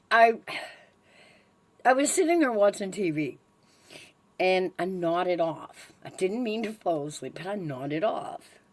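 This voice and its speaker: A woman's voice: lowish voice, slow pace, long pauses. A woman co-hosting a casual podcast chat, telling a story with lots of laughter. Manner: laughs often, animated storytelling. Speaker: podcast co-host.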